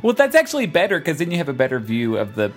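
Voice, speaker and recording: Playful podcast co-host, lively pitch. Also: quick pace, soft background music. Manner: playful, questioning. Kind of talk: casual chat.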